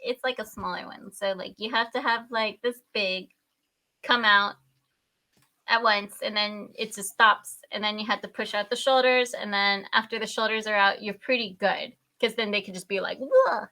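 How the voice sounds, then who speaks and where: A young woman, a podcast guest, telling a story in animated casual chat, laughing often and acting out her own reactions with loud squeals. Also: mid-range voice, moderate pace.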